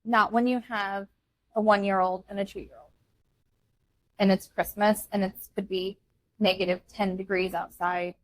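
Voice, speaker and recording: A woman's voice: mid-range voice, level tone, a little slow, no echo. A young woman co-hosting a podcast, telling a family story in a blunt, candid, casual way. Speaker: podcast co-host. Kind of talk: casual chat.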